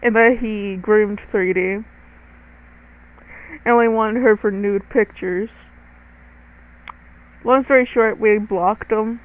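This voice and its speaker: A teenage girl tells a personal story to her viewers at an unhurried pace. She talks casually and dramatically, with frequent asides and free swearing, at a medium pitch. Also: steady tone, highs cut off. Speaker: storytime vlogger.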